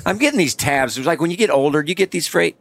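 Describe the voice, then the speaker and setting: A man's voice: fairly high pitch, expressive, fast, creaky. A man in his late forties hosting a casual podcast, rambling and laughing as he tells stories. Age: 40s. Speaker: podcast host, comedian.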